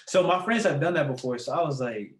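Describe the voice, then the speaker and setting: A young adult man, a podcast guest, telling a personal story in casual, animated talk and laughing often. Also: a little high, a little fast, roomy sound.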